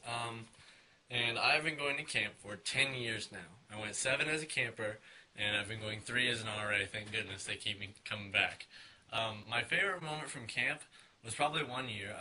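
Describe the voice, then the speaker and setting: A man's voice: medium pitch, brisk, pushed and bright, a little hiss or hum. A young man who works as a resident assistant, telling campers a favorite memory in a friendly way. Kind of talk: recorded message to campers.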